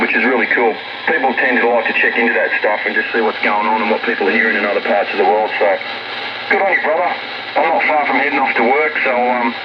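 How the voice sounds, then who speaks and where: Halting Australian man over crackly radio. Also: mid-range voice, muffled recording. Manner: halting, stop-start, chummy, calls everyone mate. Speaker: amateur radio operator. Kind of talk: casual on-air radio chat. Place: heard over the air from a distant home station. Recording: crackly shortwave radio with heavy static.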